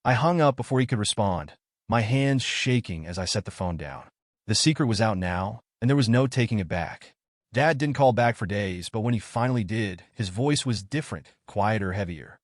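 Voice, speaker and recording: A man narrating a first-person story in a dramatic, expressive way. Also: lowish voice, moderate pace, dry recording, clean studio sound.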